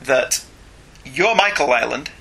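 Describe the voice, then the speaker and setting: A man's voice: mid-range voice, expressive, takes it slowly, gravelly, sharp tone, slightly rough. A man co-hosting a casual podcast, chatting and reading listener emails aloud. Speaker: podcast co-host. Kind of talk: casual chat.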